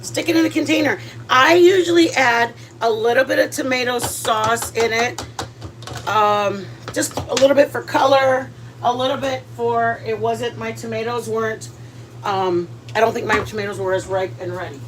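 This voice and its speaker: Chatty woman cooking, fairly high voice. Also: fairly even intonation, normal speed, slight background noise. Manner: chatty, rambling, many fillers and restarts, mixes in Spanish words. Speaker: cooking vlog host. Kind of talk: casual cooking chat. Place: home kitchen.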